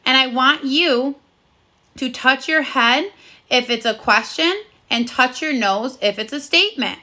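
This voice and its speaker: Bright, slow-talking teacher for young kids. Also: female voice, a little high. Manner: slow, cheerful, sing-song praise for kids. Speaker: first grade teacher. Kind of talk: recorded phonics lesson for young children.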